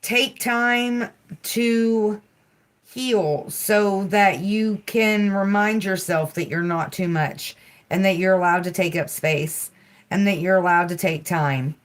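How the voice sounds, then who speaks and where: A woman hosting a healing livestream, speaking soothing affirmations and chatting casually with soft, giggly asides. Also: mid-range voice, slow. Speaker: livestream host.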